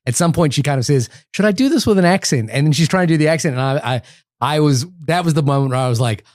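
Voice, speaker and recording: A man's voice: mid-range voice, quick pace, no room sound, studio quality. A man co-hosting a film podcast, talking in a rambling, enthusiastic way with many restarts. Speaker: podcast co-host. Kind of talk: casual film discussion.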